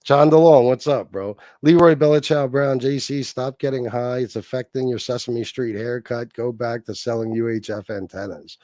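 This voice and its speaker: A man's voice: mid-range voice, fairly even intonation, normal speed, hardly any pauses, dark tone, dry recording. A man hosting a livestream, ranting and mocking someone with lots of swearing and laughter. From Sicilian heritage. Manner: mocking, profane, laughing often. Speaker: livestream host.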